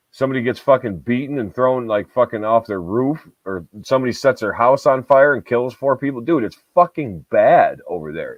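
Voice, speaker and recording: A man's voice: mid-range voice, no echo. A man, co-hosting a podcast in a profane, rambling chat packed with filler words. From Southern Tier of New York. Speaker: podcast co-host. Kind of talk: casual chat. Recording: dull lo-fi dry recording.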